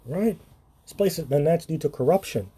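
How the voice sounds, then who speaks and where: A husky-voiced man gives a casual sermon, reading verses and breaking off with short laughs. His tone is dark and mellow, and he keeps turning to the listener with "man" and "right?". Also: fairly high pitch, animated, moderate pace. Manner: informal, laughs often, keeps saying "man". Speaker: scripture teacher. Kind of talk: sermon-style Bible reading and commentary.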